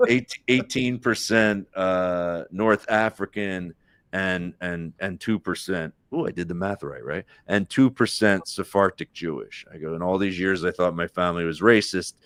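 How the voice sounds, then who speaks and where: A man's voice: low-pitched, normal speed, fairly bright tone, clear, resonant tone, dry recording, studio quality. A middle-aged man, a comedian guest, rambling through a joke on a live podcast with restarts. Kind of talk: casual chat on a live podcast.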